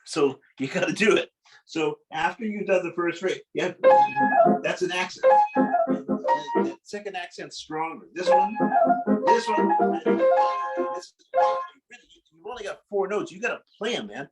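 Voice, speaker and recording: Guy teaching piano, blunt, keeps stopping the kid, lively up-and-down voice, loud piano going. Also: sits high, measured pace, rough recording. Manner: blunt, corrective, stops the student often. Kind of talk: piano lesson coaching. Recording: loud piano playing behind the voice.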